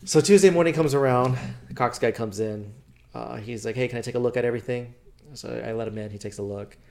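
A man's voice: mid-range voice, quick pace. Slangy young man telling a story. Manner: animated, slangy, swears freely, acts out quoted dialogue. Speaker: podcast co-host. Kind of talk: casual storytelling chat.

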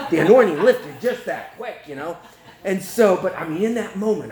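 A man giving a spoken testimony as a preacher, telling his story in a lively way and acting out the voices. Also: a little high, quick pace, a crowd in the background. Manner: animated storyteller, acts out quotes, laughs. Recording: echoey room, faint ambience.

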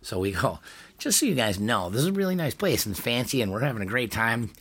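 A man's voice: medium pitch, lively intonation, fast talker, a bit bright, breathy edge. A young man from the Niagara Falls area telling a dinner story in casual podcast chat, laughing often and acting out quotes. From Niagara Falls area, New York. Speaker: podcast co-host.

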